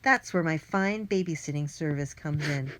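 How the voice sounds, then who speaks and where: A woman's voice: low-pitched, normal speed, lightly acted. A woman voicing a sleazy grown man villain in an audiobook, talking in an oily, mocking, falsely friendly way. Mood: menacing. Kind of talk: audiobook character voice.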